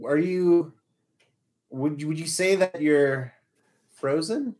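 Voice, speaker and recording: A player in a tabletop game, speaking in a deadpan, casual way. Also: mid-range voice, takes it slowly.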